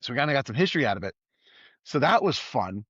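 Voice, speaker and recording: A husky, fast-talking middle-aged man with a medium pitch, an emergency services worker guesting on a podcast, recounts a story in casual conversation. He gets animated and acts out the quoted voices. The close, dull recording is dry, with no room sound.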